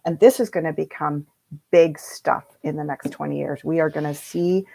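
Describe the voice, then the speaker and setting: A woman hosting a livestream tarot reading, chatty and animated, laughing often and quoting people in playful voices. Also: low-pitched, normal speed, creaky. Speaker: tarot reader.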